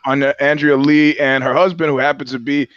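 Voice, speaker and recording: Over the sound of a crowd and through dull audio, a man co-hosting a comedy podcast talks briskly in a medium, level voice. He's rambling and profane, frequently starting sentences over and slipping into put-on voices.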